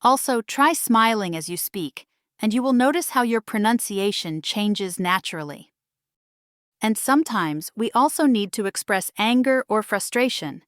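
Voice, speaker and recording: A woman teaching a scripted English speaking lesson, saying each phrase slowly and then saying it again for the listener to shadow. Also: mid-range voice, no echo, clean studio sound.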